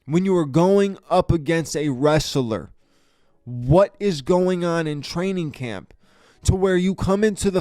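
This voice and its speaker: A man's voice: on the high side, a little mellow, no echo, studio quality. A man hosting a podcast, giving a casual fight review in an exasperated, profane way, stammering and restarting his sentences. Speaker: podcast host. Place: podcast studio.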